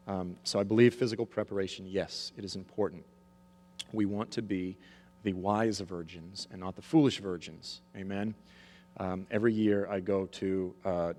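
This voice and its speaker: A deep, slightly mellow male voice with vocal fry belongs to a preacher and author in his thirties or forties. He delivers an emphatic sermon in a large hall with long reverb, checking that the audience agrees with him.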